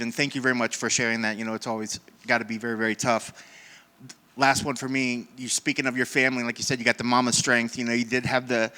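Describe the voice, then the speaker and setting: A man asks quick, friendly questions in a press interview, talking fast. His voice is bright and mid-pitched. A long reverb trails his words.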